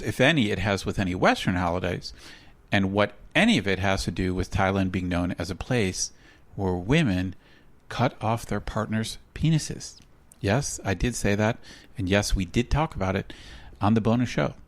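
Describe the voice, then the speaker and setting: With a fairly low, animated voice at a normal speed, this podcast co-host reads promos in a casual conversation. He's an American in his forties with a dry sense of humor.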